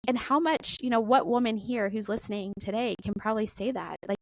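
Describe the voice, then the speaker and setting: A middle-aged woman talking casually about faith as a podcast guest, animated and full of "like" and "right?". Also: fairly high pitch, fairly quick, no room sound, poor audio.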